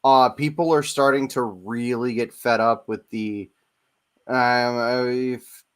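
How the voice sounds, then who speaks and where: A man's voice: medium pitch, steady tone, takes it slowly, clear, resonant tone. A man in his forties co-hosting a casual chat, rambling and hesitant, with many fillers. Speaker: podcast co-host.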